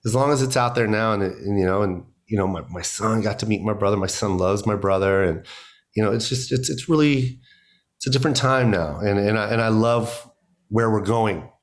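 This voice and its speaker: A man's voice: lowish voice, fairly quick. A middle-aged American man, a comedian being interviewed, talking emphatically and animatedly with many "you know"s. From United States. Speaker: guest comedian. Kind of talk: conversational interview.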